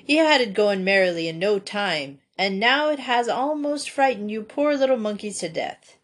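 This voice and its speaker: A woman's voice: medium pitch, lively intonation, normal speed, lightly acted. A woman reading aloud, voicing a teasing grown-up farmer uncle in a dry, amused tone.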